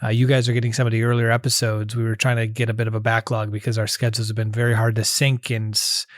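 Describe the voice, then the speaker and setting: A man's voice: mid-range voice, fast talker, no room sound. Casual male podcast host, dry sound. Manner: relaxed, chatty with restarts.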